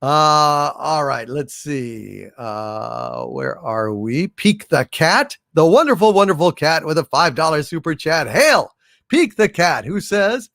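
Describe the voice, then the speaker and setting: A man's voice: fairly high pitch, very animated, takes it slowly, vocal fry, no echo, clean studio sound. A man hosting a casual livestream, chatting and thanking viewers for their messages. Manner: chatty and appreciative, thanks viewers warmly and often. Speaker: livestream host.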